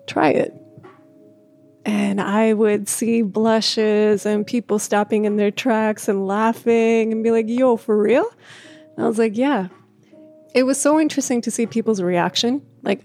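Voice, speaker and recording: A woman's voice: mid-range voice, no echo. A woman who stutters, telling a personal story in a reflective way, with repeated words and restarts and frequent laughter. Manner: laughs often, speaks in a gentle, reflective way. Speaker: speaker sharing a personal story.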